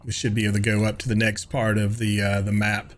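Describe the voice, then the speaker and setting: A man's voice: on the low side, monotone, quick pace. A man from New York streaming a game live, chatting casually with viewers, reading their messages aloud and swearing offhandedly. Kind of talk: casual live-stream chat while gaming.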